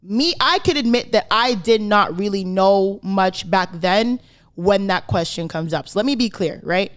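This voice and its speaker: A woman's voice: medium pitch, unhurried. Emphatic woman podcast host. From Canada. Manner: emphatic, tags points with "right?" and "okay?". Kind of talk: casual podcast chat.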